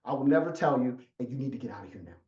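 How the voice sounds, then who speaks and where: Man doing a secretive old witch, low curt hush, roomy, dull sound. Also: expressive, very fast, far from the mic, close to an everyday voice. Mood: stern. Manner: curt, hushed, commanding. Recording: echoey, muffled sound.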